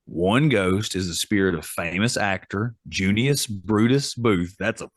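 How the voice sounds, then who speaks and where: A man's voice: on the low side, a little slow, no room sound, studio quality. A man co-hosting a casual podcast chat, reading facts aloud in a chatty, amused way. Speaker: podcast co-host.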